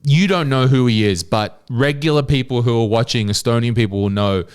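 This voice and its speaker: A man's voice: medium pitch, brisk, smooth. An Australian man co-hosting a podcast in a studio, ranting and swearing in casual chat. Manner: ranting, profane, animated storytelling. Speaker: podcast co-host.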